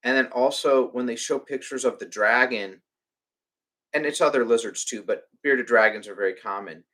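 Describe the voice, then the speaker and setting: A man's voice: mid-range voice, normal speed, pushed and bright. A man who runs a reptile rescue, chatting on a live stream and ranting with lots of restarts and filler words. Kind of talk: casual live-stream chat.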